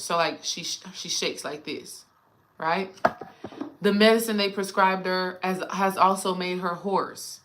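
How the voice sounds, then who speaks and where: A woman's voice: on the low side, bright, forceful tone. A woman spiritual coach talking casually and animatedly to her viewers, addressing them directly.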